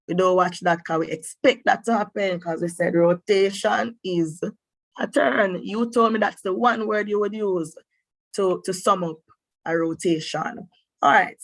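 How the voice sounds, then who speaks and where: A woman teacher leads an online maths class in an encouraging way, pausing to think aloud with long hmms. She speaks at a middle pitch, and the sound is close and dry with no room echo. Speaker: mathematics teacher.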